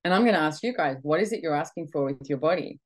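Middle-aged woman host from Australia, low pitch, chatty motivational talk, acts out her inner voice. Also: quick pace. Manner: chatty, animated, full of quoted self-talk. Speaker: podcast host.

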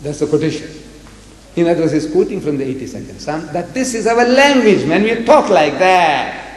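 Older man, public debate lecturer, slightly high voice, emphatic and animated, big echoey hall. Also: normal speed. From South Africa. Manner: emphatic, animated, quotes scripture and acts out dialogue. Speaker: lecturer on religion. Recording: echoey hall, long reverb.

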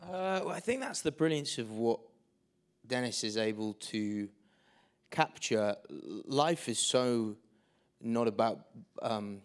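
A man's voice: mid-range voice, lively intonation, slow, long pauses. Guy answering at a film q&a, reflective tone. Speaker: actor on a panel. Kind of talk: festival Q&A answers.

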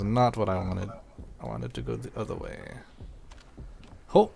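Gravelly lively man gaming. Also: on the low side, unhurried, a little hiss or hum. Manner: playful, reactive, puts on voices. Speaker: co-host gamer. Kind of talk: let's play commentary.

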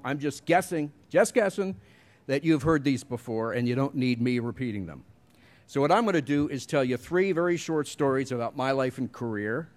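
A man's voice: mid-range voice, a little mellow. A middle-aged man giving a commencement speech, telling wry, self-deprecating stories at a podium mic. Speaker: commencement speaker.

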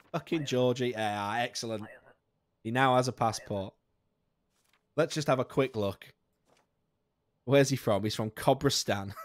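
A streamer gives live commentary on the game he's playing, joking and swearing and laughing often. Every so often he lets out sudden high squeaks of outrage.

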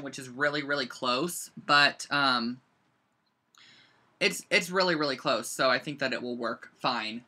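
A teenager hosts a casual live-streamed craft lesson from a bedroom at home, picked up by the camera's own mic. The voice is bright and forward. The talk rambles along, full of "like" and quick side-stories. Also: medium pitch. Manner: rambling and chatty, heavy use of "like". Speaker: scrapbooking instructor.

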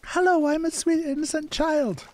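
A sugary little child's voice, pitched far up and sing-song, put on by a grown man. It greets people sweetly and innocently in a video game stream. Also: fairly even intonation, normal speed.

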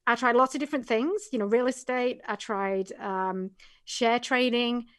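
Talkative english lady guest on a podcast, kinda high voice, super dry sound. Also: normal speed, no room sound. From England. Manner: chatty and talkative. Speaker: guest, business coach. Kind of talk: casual podcast interview.

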